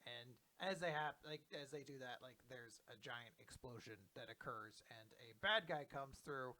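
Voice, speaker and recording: A man's voice: medium pitch, normal speed, bright, forceful tone. A man co-hosting a casual podcast, recapping comic chapters in a loose, joking way and swearing freely. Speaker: podcast co-host.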